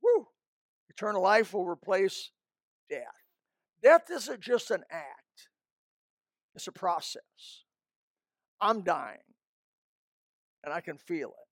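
A man's voice: sits high, animated, slow pace, pauses often, fairly bright tone, no room sound, clean studio sound. An older man preaching a folksy, emphatic sermon, breaking into snatches of hymns.

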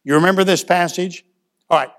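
A man preaching to a church in a folksy, storytelling sermon, his voice sitting a bit high for a man. He acts out short back-and-forth exchanges, swinging from loud to quiet as he goes. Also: fairly quick. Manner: folksy storytelling with acted-out dialogue and shifts in loudness.

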